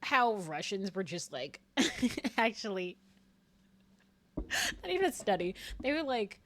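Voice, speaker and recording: A woman's voice: fairly high pitch, sing-song, slow pace, pauses often, fairly bright tone, a little hiss or hum. A young woman streaming a game, chatting casually, laughing often and swearing freely.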